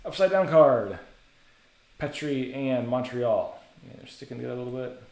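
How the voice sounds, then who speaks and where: A man's voice: medium pitch, expressive, moderate pace, darkish tone. Male card-break host, casual rattling delivery, echoey room. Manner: casual, chatty, rattles off names. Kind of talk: live card-break commentary.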